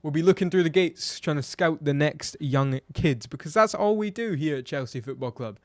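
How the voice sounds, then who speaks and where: A man's voice: fairly high pitch, lively intonation, moderate pace, no room sound, studio quality. Blunt ranting male football fan. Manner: blunt and exasperated, ranting with rhetorical questions. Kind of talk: opinionated match review vlog.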